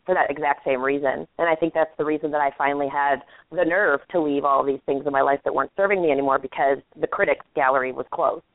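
A woman's voice: deep voice, fairly even intonation, fast talker, few pauses, no echo. A woman speaking as a life coach guest in a casual interview, frank and emphatic. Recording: tinny phone-line audio, dry.

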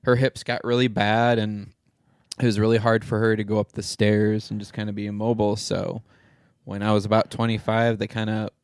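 A man's voice: lowish voice, level tone, brisk, smooth, no echo, studio quality. A man in his thirties co-hosting a podcast, chatting candidly and laughing easily. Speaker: podcast co-host. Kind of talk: casual chat.

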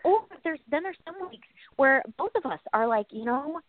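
A woman's voice: sits high, expressive, normal speed. A woman co-hosting a faith podcast, chatting and giggling between short affirmations. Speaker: podcast co-host. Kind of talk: casual faith chat. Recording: dry phone-like line.

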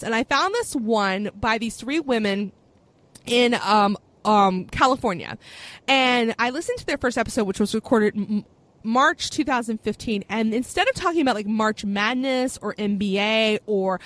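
A chatty young woman hosts her own podcast but sits in the guest seat, recounting a story in a loose, animated way. Her voice sits a little high, and she leans on fillers and quick asides as she goes. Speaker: podcast host, being interviewed. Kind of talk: casual storytelling chat.

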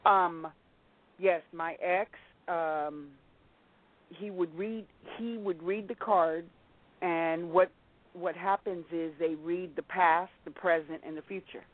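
A woman telling a personal testimony as a guest, slowly relating a story and acting out the people in it. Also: lowish voice, steady tone, no room sound. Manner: slow storytelling, acting out quoted voices. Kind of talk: personal testimony in a call-in talk. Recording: tinny phone line.

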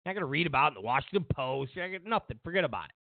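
A man's voice: a little high, sing-song, rapid-fire, vocal fry, no echo. Sarcastic man ranting on politics. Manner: mocking, sarcastic, repeats lines for emphasis. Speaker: political commentary host. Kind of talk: animated political commentary. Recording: tinny phone-like sound.

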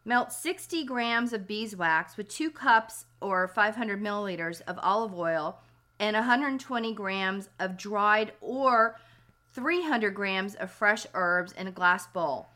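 Woman podcast host, bit hoarse and scratchy, bright voice, going step by step through how-to stuff. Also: medium pitch, takes it slowly. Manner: step-by-step, practical explaining. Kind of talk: instructional podcast talk.

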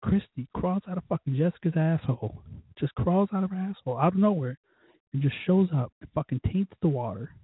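A man's voice: on the high side, brisk, breathy edge, dry recording. A man hosting a podcast, telling a profane, fired-up story in a casual rant. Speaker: podcast host. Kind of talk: casual ranting monologue. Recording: tinny phone-like, dry.

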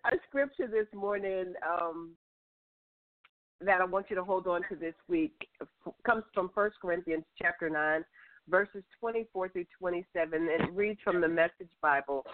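A woman's voice: lowish voice, moderate pace. Upbeat woman hosting over a phone line. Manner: upbeat, repeats words for emphasis. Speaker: radio show host. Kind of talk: faith-based talk radio show.

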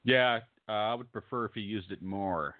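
A middle-aged man co-hosting a casual chat, trading dry, deadpan jokes. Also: on the low side, moderate pace, no echo, narrow, tinny audio. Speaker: podcast co-host.

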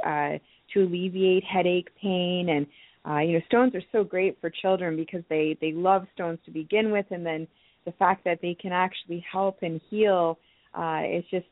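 A gentle, hesitant woman from Canada, pausing often and restarting her sentences as she explains. She comes through a thin, tinny phone line with a dry, close sound. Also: lowish voice, no echo. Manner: soft-spoken, hesitant, many ums and restarts. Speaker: crystal healing teacher. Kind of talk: phone-in talk show guest.

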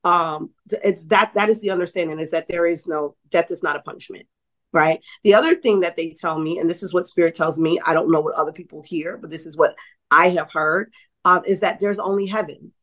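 Appearing as an interview guest, this middle-aged New Orleans psychic medium and author tells lively stories, acting out the dialogue and tossing in frequent "right?" asides. Her voice is lowish and a little fast.

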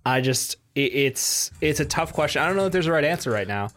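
A man's voice: fairly high pitch, lively intonation, brisk, a bit bright. A man co-hosting a podcast, agreeable and thinking aloud with "like" and restarts. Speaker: podcast co-host. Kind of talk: casual podcast chat.

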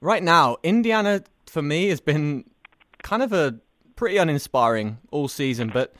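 A man's voice: fairly high pitch, animated, moderate pace, fairly bright tone, dry recording. A man hosting a sports podcast, talking in an upbeat, chatty way. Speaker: podcast host. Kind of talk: casual sports podcast chat.

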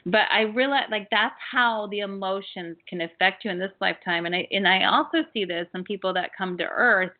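A woman's voice: mid-range voice, brisk, few pauses. Lady healer host rambling through stories, tinny phone-line sound. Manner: chatty, earnest storytelling with fillers. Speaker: host and past-life healer. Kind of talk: call-in radio show talk.

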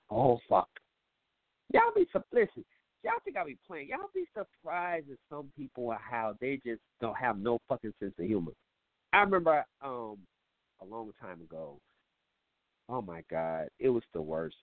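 Man, show host, comedic monologue, profane, animated delivery, dry sound. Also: on the low side, no echo. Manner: joking, profane, rambling. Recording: tinny phone-like line, dry.

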